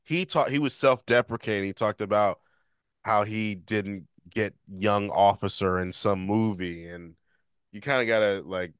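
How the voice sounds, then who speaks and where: A man's voice: lowish voice, unhurried, clear, resonant tone, no echo, studio quality. A man hosting a comedy podcast while fighting a cold, mostly giving short agreeing replies in casual chat. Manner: brief agreeing replies, relaxed. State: has a cold. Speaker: podcast host.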